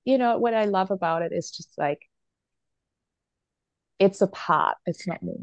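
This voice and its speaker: A woman's voice: mid-range voice, measured pace, no echo, highs cut off. A woman in her thirties, a mother and therapist, speaking candidly and reflectively as a podcast guest, often laughing as she tells her story. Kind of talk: candid interview conversation.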